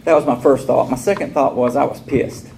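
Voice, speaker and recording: A man with a deeply gravelly, fry-heavy voice speaks at a recovery meeting. He talks candidly and casually and slips into the voices of the people in his story. There is a steady hiss of noise around him. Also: a little fast. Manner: casual and candid, acts out quoted dialogue. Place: meeting room. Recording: noisy room recording.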